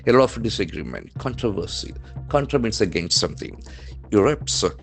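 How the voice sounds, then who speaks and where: Indian english guy teaching words from the paper, lowish voice that swings up and down a lot, spells stuff out, hammers the stress. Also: big pitch swings, moderate pace, faint music behind. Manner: spells words out letter by letter and repeats them with marked stress. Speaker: English trainer. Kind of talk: newspaper vocabulary lesson.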